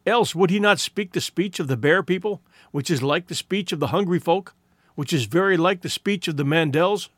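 A man's voice: high voice, normal speed, fairly bright tone, no room sound. A man doing a shrewd village orator. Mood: persuasive. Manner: orating, persuasive. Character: shrewd persuasive village man with a crooked neck.

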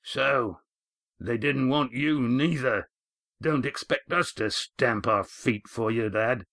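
A man voicing Roaring Jack, a gruff bearded skipper who speaks curtly and with contempt. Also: mid-range voice, slow pace, a bit bright, pitched above the performer's own voice. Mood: scornful.

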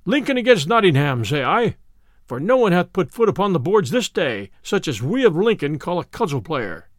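A man's voice: high voice, big pitch swings, normal speed, no room sound, clean studio sound. A man voicing a taunting, bragging champion cudgel fighter who mocks his rivals in old-fashioned words. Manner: loud, mocking, old-fashioned speech.

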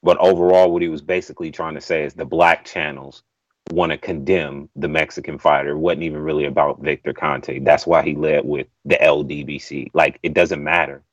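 A man's voice: a bass voice, steady tone, brisk, no room sound, highs cut off. A man calling in to a talk show, pressing his opinions in a rambling, emphatic way. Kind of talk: casual chat.

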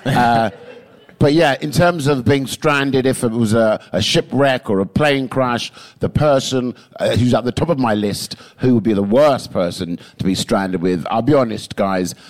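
A male comedian, telling lively, swearing stories in a podcast chat. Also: moderate pace. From England. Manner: animated, swearing, pitch jumping high for emphasis. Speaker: guest comedian. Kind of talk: comic storytelling in a podcast chat.

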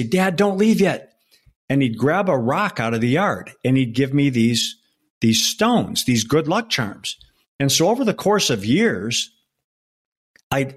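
A man's voice: mid-range voice, fairly bright tone. Earnest man in his sixties. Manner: earnest and emotional, halting with many restarts. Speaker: former undercover federal agent, guest. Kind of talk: personal storytelling in an interview.

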